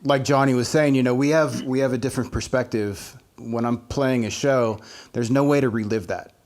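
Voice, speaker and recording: A man co-hosting a podcast, telling stories about playing music in an earnest, halting way. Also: mid-range voice, fairly even intonation, a little mellow. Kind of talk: casual chat.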